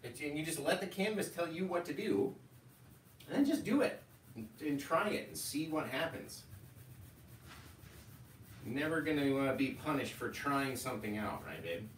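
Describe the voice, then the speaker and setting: A man's voice: a little high, expressive, moderate pace, long pauses. A man teaching painting live in a casual, rambling way, often drifting into stories. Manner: rambling, chatty, storytelling asides. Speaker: painting instructor. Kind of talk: casual live tutorial chat. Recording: echoey room, distant mic, faint noise.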